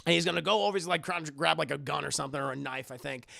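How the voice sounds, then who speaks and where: A man streaming a casual, rambling film recap to his chat, animated and swearing a lot, close to the mic. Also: a little high, rapid-fire, gravelly, no echo.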